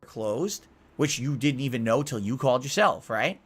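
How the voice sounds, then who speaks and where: A man's voice: mid-range voice, expressive, normal speed, husky, faint music behind. A man telling a story on a commentary podcast, acting out both sides of his phone calls.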